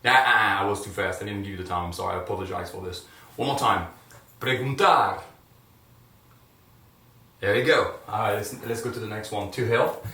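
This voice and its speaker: A man teaching a video lesson, encouraging his viewers and loudly drilling words for them to repeat. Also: on the low side, quick pace. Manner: encouraging, loud drilled repetitions. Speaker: Spanish teacher. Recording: echoey room, voice from a distance.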